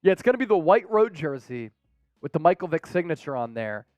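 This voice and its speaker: A man's voice: a little high, big pitch swings, brisk, a little mellow, no room sound, muffled recording. A man hosting a live sports stream, reading out viewer names in a hyped, playful way and trash-talking rival fans. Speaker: sports show host.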